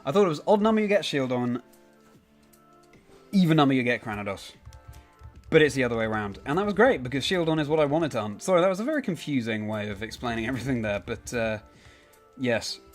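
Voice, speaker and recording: A man's voice: mid-range voice, sing-song, fast. Young man, casual stream chat, rambling self-corrections, faint game music and typing behind.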